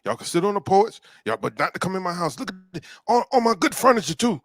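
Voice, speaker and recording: A man's voice: high voice, very animated, quick pace, no room sound, studio quality, voice pushed up, full character voice. A man voicing a strict, fussy old grandmother who nags children about her good furniture. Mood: scolding. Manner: nagging, protective of her furniture.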